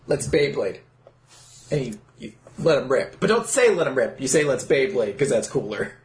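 A man co-hosting a casual podcast, riffing animated jokes and swearing freely. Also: mid-range voice, normal speed, echoey room. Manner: animated, joking riffs, swears. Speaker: podcast co-host. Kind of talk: casual comedic chat.

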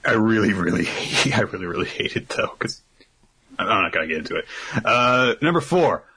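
A man's voice: on the low side, very animated, moderate pace, sharp tone, breathy edge. A young man co-hosting a podcast, reading listener questions in a dry, rambling way that drifts into tangents. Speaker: podcast co-host.

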